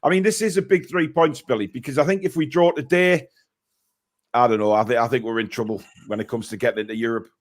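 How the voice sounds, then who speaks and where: A man's voice: mid-range voice, fairly even intonation, quick pace. A man hosting a casual live stream, reading out viewer messages and giving blunt opinions.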